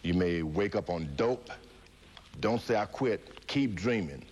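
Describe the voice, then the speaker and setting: Low-voiced man telling his story. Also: slow pace, a little hiss or hum. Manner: animated storyteller who acts out quoted voices and laughs often. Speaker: interview guest. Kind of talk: storytelling interview.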